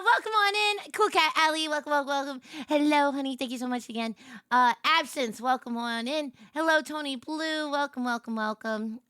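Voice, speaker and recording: A young woman streaming and greeting her viewers in casual chat, animated and swinging from soft murmurs to excited squeals. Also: on the high side, dry recording, clean studio sound.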